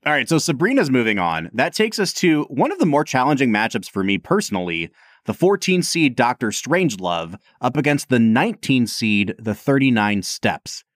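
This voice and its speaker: A man's voice: mid-range voice, sing-song, moderate pace, dry recording, clean studio sound. A man co-hosting a podcast, chatting casually about films with lots of fillers. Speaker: podcast co-host.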